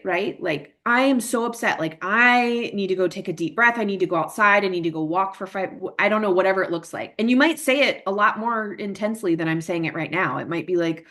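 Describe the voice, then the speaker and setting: A woman's voice: medium pitch, lively intonation, a little fast, hardly any pauses, fairly bright tone. A woman presenting a parent workshop in a casual, chatty way, full of fillers and tag questions, who acts out emotions in her examples.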